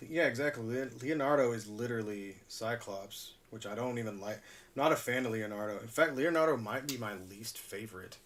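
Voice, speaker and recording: A man's voice: mid-range voice, fairly quick, fairly bright tone, far from the mic. A man hosting a live stream, chatting casually and chuckling as he repairs a toy at his workbench. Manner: rambling, laid-back, chuckles often.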